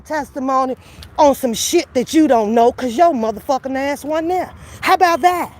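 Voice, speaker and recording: A woman commentator calling someone out to camera in a profane, confrontational rant, taunting and then lecturing. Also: high-pitched. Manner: slows into calmer lecturing. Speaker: YouTube commentator. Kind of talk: angry call-out rant to camera.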